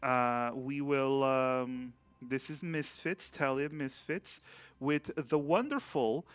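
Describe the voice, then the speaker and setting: Slow-talking relaxed male game master. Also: medium pitch, smooth, no echo, muffled recording. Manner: relaxed, rambling, laughs often. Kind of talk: casual chat before a tabletop game stream.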